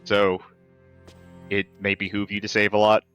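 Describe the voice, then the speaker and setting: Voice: low voice, monotone, normal speed, fairly bright tone, clean tone, soft background music. A co-commentator on a game stream, dry and teasing, chatting about the game. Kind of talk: casual let's-play chat.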